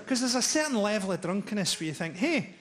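A man in his forties performing a stand-up routine on a live stage, telling dark, profane jokes in a deadpan way. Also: sits high, fast talker, heavy background noise. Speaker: stand-up comedian. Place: live comedy venue with audience laughter.

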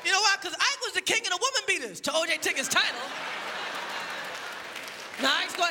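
A man doing a loud, profane stand-up routine, acting out characters and shouting punchlines on stage. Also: very high-pitched, expressive, fairly quick, long pauses. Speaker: stand-up comedian. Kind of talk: stand-up routine before a live audience. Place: large venue with audience. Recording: live show with loud crowd and noise. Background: roaring crowd laughter.

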